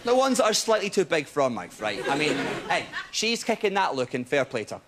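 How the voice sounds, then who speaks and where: A young Scottish man doing a stand-up comedy set, telling stories with animated energy and dropping into low mock voices for asides. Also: brisk, heavy background noise. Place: TV studio stage before a live audience. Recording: loud audience laughter and applause.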